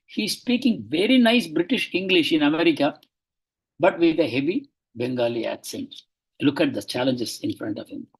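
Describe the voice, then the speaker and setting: A man leads a devotional class, reading passages from a biography and stopping often to explain them. His voice sits a little high and sounds husky and breathy. He talks earnestly, hesitating now and then before pushing his points home with urgency. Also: low-quality recording. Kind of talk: lecture reading aloud from a biography with commentary.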